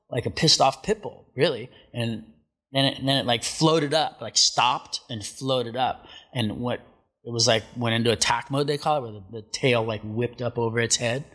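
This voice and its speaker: Husky-voiced man telling a wild story. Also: mid-range voice. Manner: animated storyteller, acts out quotes, many filler likes. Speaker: guest, surfer. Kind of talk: casual storytelling.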